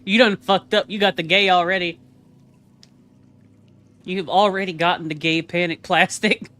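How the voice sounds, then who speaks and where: A male streamer teases his viewers and laughs often in casual live-stream chat while a game plays. He has a high, bright, forceful voice with fairly even intonation at normal speed, and his manner is playful.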